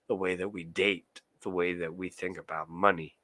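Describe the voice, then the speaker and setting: A man's voice: deep voice, fairly even intonation, moderate pace, pushed and bright. A young man streaming live, ranting heatedly and swearing a lot while answering his chat. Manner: profane, heated, talks to chat. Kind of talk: casual ranting monologue.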